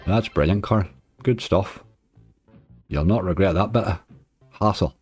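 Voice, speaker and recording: Guy, deep voice, chatting away on a slots stream, answering chat. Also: unhurried, a little mellow, husky, soft background music. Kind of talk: casual livestream chat.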